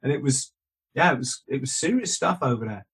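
A man tells long stories as a guest, doubling back on himself and correcting details as he goes. His voice is husky and sits at a middle pitch. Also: lively intonation, brisk, fairly bright tone. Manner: restarts and asides, self-correcting. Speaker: guest, author. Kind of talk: rambling anecdotal storytelling.

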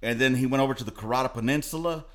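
A man's voice: medium pitch, very fast. Crude podcast guy from LA, cusses constantly, laughs a lot, casual chat. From Los Angeles, California. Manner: profane, laughing, swaggering storyteller. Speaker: podcast co-host.

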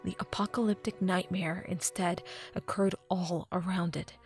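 A woman reading a fan fiction audiobook, with expressive narration that drops to a hush at dramatic moments. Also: lowish voice, normal speed, faint music behind.

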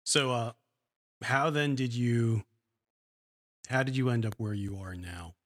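A man hosting a podcast interview, asking relaxed, unhurried questions. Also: mid-range voice. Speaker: podcast host.

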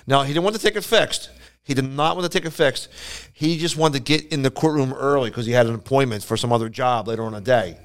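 A man co-hosting a podcast, telling animated stories in casual chat and jumping into higher voices for the people he quotes. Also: quick pace, clean tone. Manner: animated storyteller who jumps into high voices for quoted people. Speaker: podcast co-host.

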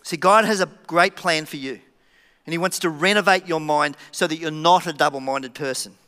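Male pastor, lively sermon delivery with sudden hushed drops; forceful, ringing tone. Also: a little high, normal speed, clear, resonant tone. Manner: animated, joking, with dramatic drops to a hush. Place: church auditorium. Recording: church hall reverb.

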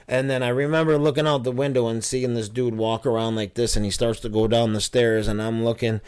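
A man's voice: medium pitch, flat delivery, fairly quick, darkish tone, clean tone. A man telling his personal testimony in an interview, earnest and storytelling, with many fillers and restarts. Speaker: interview guest.

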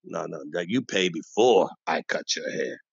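A bossy old barber voiced by a man holds court in his shop, rambling and bragging in street talk. His pitch swings lively up and down. The recording is dry and dull, with a lo-fi edge. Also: moderate pace, creaky, husky, no echo, full character voice. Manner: boastful, rambling, street-talking. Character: bossy old-school veteran male barber, shop owner. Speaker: barbershop owner. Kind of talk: comic character monologue.

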